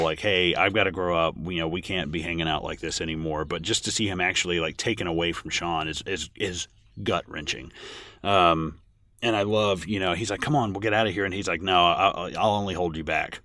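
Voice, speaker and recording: A man with a very low voice co-hosts a casual film podcast. He rambles, restarts his sentences and fills gaps with ums as he talks through scenes. The recording is dry and close. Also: fairly bright tone, no echo. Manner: rambling with many restarts and fillers. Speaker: podcast co-host. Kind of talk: casual film commentary chat.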